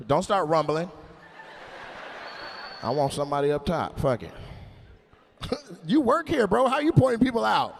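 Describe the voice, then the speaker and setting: Loud profane comic roasting the crowd, high voice bouncing all over. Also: male voice, gravelly, a little hiss or hum. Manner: brash, profane, teasing, loud bursts. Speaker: stand-up comedian. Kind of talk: stand-up crowd work. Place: live comedy venue with audience.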